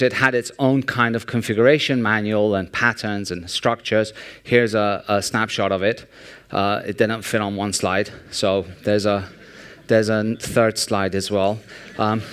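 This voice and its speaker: A man giving a humorous, sarcastic conference talk in a large hall, telling jokes and anecdotes in a lively storytelling way. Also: lowish voice, smooth. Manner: sarcastic, joking, animated storytelling. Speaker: conference speaker.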